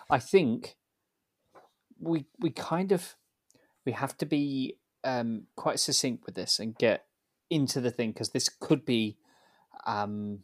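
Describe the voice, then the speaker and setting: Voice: medium pitch, dry recording, studio quality. A podcast co-host in casual chat who teases, laughs often and steers the conversation back to the episode.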